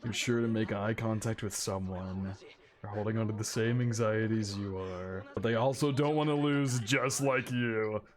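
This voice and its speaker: A man's voice: on the low side, steady tone, normal speed, lightly acted. An actor playing a young male anime hero giving an earnest, impassioned speech to rally a frightened crowd.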